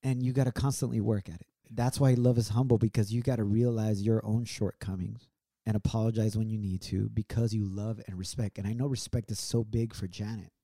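A man's voice: steady tone, brisk. A man telling a personal story on a couple's podcast, earnest and reflective, his voice rising and dropping with feeling. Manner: earnest, reflective, swings from low and quiet to raised. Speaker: podcast co-host.

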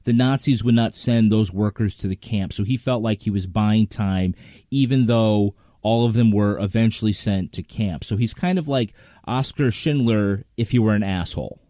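Male co-host recapping the story, mellow voice, dry recording. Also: on the low side, moderate pace, no echo. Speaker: podcast co-host. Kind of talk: casual chat.

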